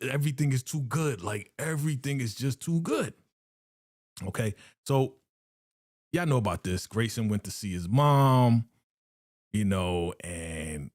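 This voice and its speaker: A man hosting a live reaction stream, recapping a TV episode in a chatty, animated way, laughing often and repeating phrases. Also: mid-range voice, dry recording, studio quality.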